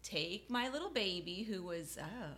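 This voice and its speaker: A woman's voice: medium pitch, animated, a little slow, a bit bright. A woman from South Florida co-hosting a podcast in casual chat, playful and self-mocking, laughing often. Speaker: podcast co-host.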